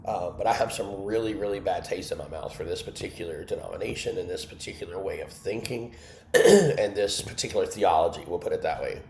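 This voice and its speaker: A man's voice: low-pitched, a little fast, vocal fry, a little mellow, roomy sound, slight background noise. A man hosting an online Bible study, candidly sharing an emotional personal testimony and breaking off to answer his live chat.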